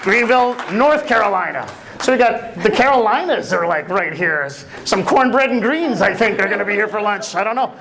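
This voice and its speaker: A man's voice: sits high, expressive, fairly quick, creaky, crowd noise. A man emceeing a luncheon, chatting playfully with the audience and teasing guests about where they are from. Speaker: event emcee. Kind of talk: lively crowd work at a luncheon. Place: banquet room at a luncheon.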